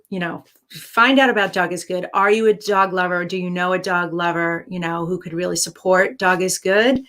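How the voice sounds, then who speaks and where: A woman's voice: mid-range voice, fairly bright tone. Earnest woman hosting a coaching show. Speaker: talk show host and life coach. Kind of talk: live-streamed advice segment.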